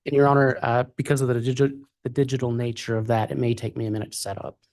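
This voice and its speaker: A man's voice: medium pitch, flat delivery, quick pace, a little mellow, dry recording. A man working as a prosecutor, making formal, polite requests and objections in a courtroom. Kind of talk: courtroom proceedings.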